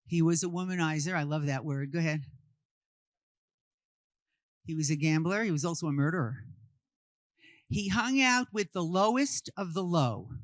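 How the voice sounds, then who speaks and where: A woman's voice: low voice, animated, normal speed, long pauses, dry recording. A woman from Brooklyn, giving an interactive art history talk and firing questions at her audience before answering them. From Brooklyn, New York. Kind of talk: interactive talk to a live group.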